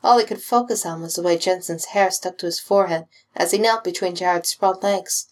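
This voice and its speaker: A woman reading fan fiction aloud with steady, expressive storytelling. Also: lowish voice, brisk. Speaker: reader.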